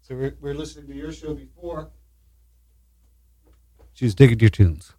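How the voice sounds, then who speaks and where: A man's voice: medium pitch, normal speed, mellow, dry recording. A man co-hosting a community radio show, bantering crudely and playfully in the studio. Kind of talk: loose, joking studio banter.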